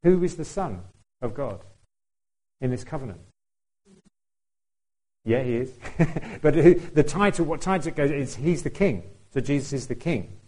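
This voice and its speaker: A man gives a relaxed, chatty sermon in a warm, mellow voice. He talks straight to the congregation and keeps putting questions to them. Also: mid-range voice, a little slow, pauses often, poor audio. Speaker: preacher. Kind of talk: conversational sermon.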